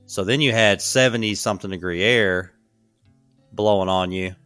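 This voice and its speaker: A man's voice: lowish voice, normal speed, sharp tone, clean tone, no echo, faint music behind. A man talking casually as a podcast guest, rambling with lots of fillers. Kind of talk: casual conversation.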